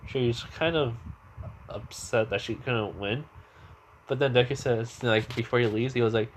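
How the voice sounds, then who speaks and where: A man's voice: medium pitch, normal speed, a little hiss or hum. Man rambling through an improvised fan story. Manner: rambling, full of fillers and restarts.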